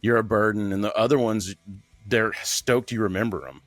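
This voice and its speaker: A man's voice: lowish voice, no echo, soft background music. Male podcast host, loose and chatty, jumps into voices mid-story; dry booth sound. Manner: animated storyteller, swears, does quick impressions. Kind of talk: casual chat.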